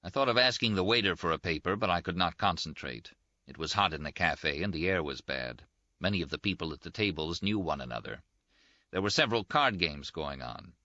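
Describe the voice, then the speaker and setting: A male audiobook narrator with a very low yet bright, forceful voice, reading a novel in a steady, measured way. The recording is dry, close and a little dull. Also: dry recording. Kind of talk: scripted literary narration.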